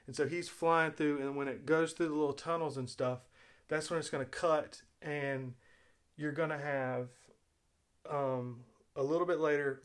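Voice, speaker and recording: A man of ordinary pitch talks loosely through his own video. He retells events at length, backs up on his words and drops fillers as he goes. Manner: rambling retelling with fillers and restarts. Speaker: video host. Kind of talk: casual spoken commentary.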